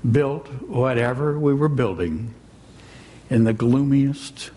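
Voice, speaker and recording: A man retelling a children's story aloud in an expressive, musing, unhurried way. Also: mid-range voice.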